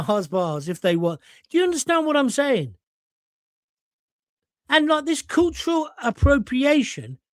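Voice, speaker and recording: A man's voice: high voice, dry recording, clean studio sound. A middle-aged English man hosting his own political show, ranting bluntly with sarcastic asides. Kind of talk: opinionated live show monologue.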